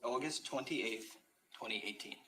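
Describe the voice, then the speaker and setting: Male lawyer, methodical cross-examiner, steady mid voice, light background hiss. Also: medium pitch, rough recording. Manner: measured, methodical questioning with hesitations. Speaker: trial attorney. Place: courtroom.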